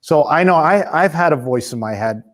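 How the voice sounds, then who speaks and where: Halting man in his fifties hosting. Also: fairly high pitch, expressive. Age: 50s. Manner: halting, restarts sentences, thinks aloud. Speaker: podcast host. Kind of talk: casual interview conversation.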